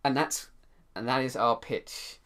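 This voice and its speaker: A man's voice: mid-range voice, a little slow, fairly bright tone. A man co-hosting a podcast in casual chat, enthusiastic and rambling, with many restarts. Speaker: podcast co-host.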